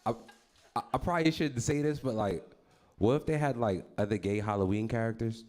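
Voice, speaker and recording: A man's voice: medium pitch, a little fast, a little mellow. A man doing a stand-up set on a comedy stage, brash and profane, teasing the crowd as he goes. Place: comedy stage before a live audience.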